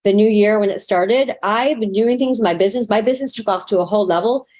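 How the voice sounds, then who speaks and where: A woman's voice: mid-range voice, quick pace, darkish tone. A woman guest in an interview, telling a personal story in an earnest, talkative way. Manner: earnest, talkative, acts out past moments in quotes.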